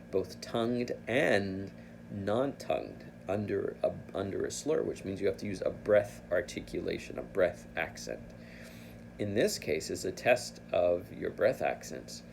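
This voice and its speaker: A man's voice: deep voice, vocal fry, darkish tone, slight background noise. A man teaching flute, explaining an etude patiently and thinking aloud as he corrects himself. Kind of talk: instructional explanation.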